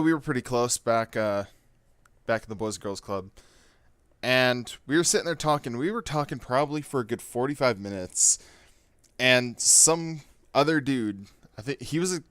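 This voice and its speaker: Smooth-voiced man telling a story. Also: mid-range voice, a bit bright, no room sound. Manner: rambling, many fillers, swears a lot. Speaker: gaming YouTuber. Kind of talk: casual storytime vlog.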